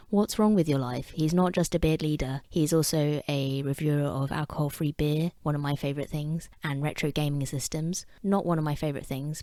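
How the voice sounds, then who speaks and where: A woman with an English accent vlogs to camera, offering casual talking-head commentary that's wry and chatty, with self-deprecating asides. Her voice is low-pitched and a little mellow, recorded with no echo.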